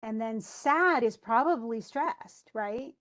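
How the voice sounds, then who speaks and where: A woman teaching a poetry class speaks at a slow, unhurried pace in a somewhat high voice. She reads verse aloud with care. Then she breaks the lines into stressed and unstressed beats, often stopping and restarting. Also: expressive, fairly bright tone. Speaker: English teacher. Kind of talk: classroom lesson.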